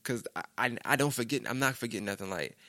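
A man's voice: medium pitch, fast, sharp tone, dry recording. A young man, telling a rambling street story in casual slang with frequent restarts. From Brooklyn, New York.

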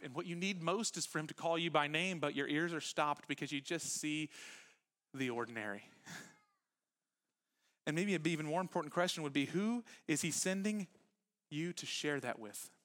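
A man preaching a sermon as pastor to a church congregation, talking casually, dropping to a hush on some lines and bursting out on others. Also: a little high. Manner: conversational preaching that moves between quiet, intimate lines and animated bursts. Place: church sanctuary with live congregation.

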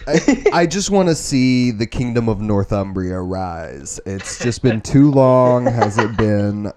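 A man's voice: on the low side, slow pace, darkish tone, a little hiss or hum. A man in casual chat, joking in a mock-grandiose way.

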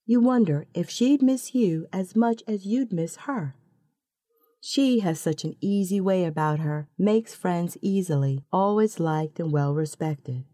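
Slow, mellow-voiced woman narrator. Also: lowish voice, no room sound, clean studio sound. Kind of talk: second-person story narration.

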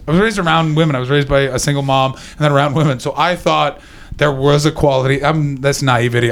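Animated stand-up comic working the crowd. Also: male voice, medium pitch. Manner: animated, shouting voices for punchlines. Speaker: stand-up comedian. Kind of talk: stand-up set with crowd work.

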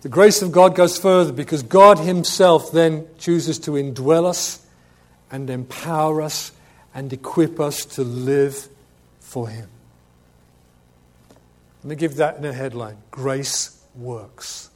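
A man preaching a sermon, stressing key words loudly, then dropping to quiet asides and asking the congregation questions. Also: fairly high pitch, measured pace, long pauses. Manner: emphatic, swings between loud urgent stress and quiet asides.

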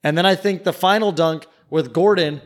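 A man co-hosting a sports podcast in casual chat, rambling and packing his talk with "like". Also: a little high. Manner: rapid, rambling, fills with "like". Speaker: podcast co-host.

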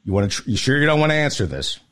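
A man's voice: mid-range voice, big pitch swings, very fast, fairly bright tone. A man hosting a podcast, running a mock quiz and teasing his guest. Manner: teasing quizmaster. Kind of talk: casual podcast banter.

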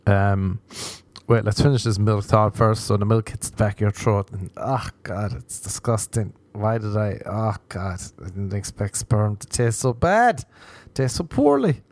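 An Irish man giving a crude, rambling comedic monologue with animated asides. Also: on the low side, measured pace, dry recording. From Ireland.

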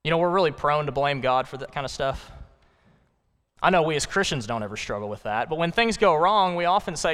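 A male pastor preaching in a church sanctuary, talking to the congregation in a conversational, emphatic way full of rhetorical questions. His voice is smooth and resonant, a bit high for a man. A long reverb hangs in the big room. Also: expressive, a little fast, a bit bright. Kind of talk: sermon.

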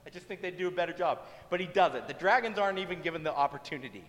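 A male pastor gives a sermon in a relaxed, humorous, conversational way. His voice sits fairly high, and the church hall around him adds a long, rolling reverb. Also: racing.

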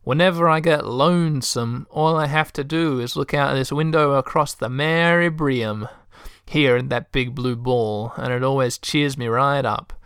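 A man's voice: medium pitch, a little slow, fairly bright tone, clear, resonant tone, no room sound, clean studio sound. A man voicing a chirpy middle-aged woman with a put-on Texan accent, speaking in a sweet, sugary drawl. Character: chirpy Texan woman office boss, syrupy.

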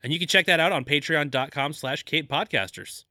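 A man co-hosting a comedy podcast, agreeable and quick with chuckling reactions. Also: a little high, bright, forceful tone, dry recording, clean studio sound. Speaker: podcast co-host. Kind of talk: casual comedic chat.

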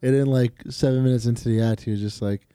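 A man's voice: mid-range voice, steady tone, fast, dark tone, clean tone, no room sound, studio quality. A man in a casual podcast chat, telling anecdotes in a laid-back way.

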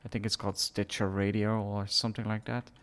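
A man's voice: fairly low pitch, level tone, a little fast, a bit bright, smooth. A man co-hosting a podcast, chatting casually and hesitantly during a game session. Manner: hesitant, lots of uh fillers, laughs easily. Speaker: podcast co-host. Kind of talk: casual chat while gaming.

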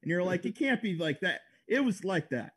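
A man's voice: high voice, expressive, a little fast, fairly bright tone, slightly rough. A man co-hosting a casual podcast, teasing his friends dryly. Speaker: podcast co-host.

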